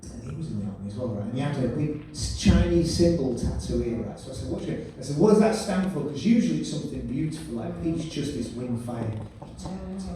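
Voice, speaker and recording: A man's voice: medium pitch, animated, quick pace, few pauses, dark tone, a little hiss or hum. A man compering a live stand-up show, chatty and quizzing the crowd. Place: comedy venue. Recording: echoey room, voice far from mic.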